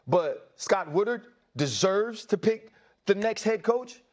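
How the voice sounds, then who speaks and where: A man's voice: high-pitched, expressive, takes it slowly, darkish tone. A man giving impassioned sports commentary, emphatic and repetitive, speaking in an indignant tone. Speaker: sports analyst.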